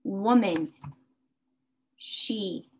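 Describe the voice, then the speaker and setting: A woman teaching a beginner English class, speaking slowly and carefully and repeating words for her learners. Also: medium pitch, a little mellow, breathy edge. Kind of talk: slow beginner English lesson.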